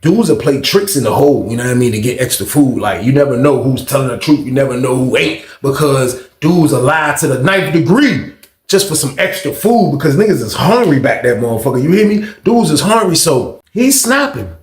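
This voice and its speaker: Animated, profane man telling a story. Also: medium pitch, fairly quick, reverberant. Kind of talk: casual storytelling.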